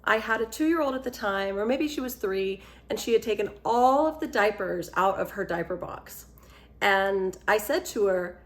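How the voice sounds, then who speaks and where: Woman explaining steps, mid-pitched voice. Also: animated, normal speed. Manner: storytelling, step-by-step and encouraging. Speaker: author and product presenter. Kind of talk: casual explanatory talk to camera.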